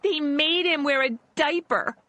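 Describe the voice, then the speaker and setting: Female narrator doing a teen Valley Girl, tearful and halting, high sharp voice, dry close read. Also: no echo. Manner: tearful, hesitant, high and bright. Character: teenage girl with Valley Girl lilt, upset.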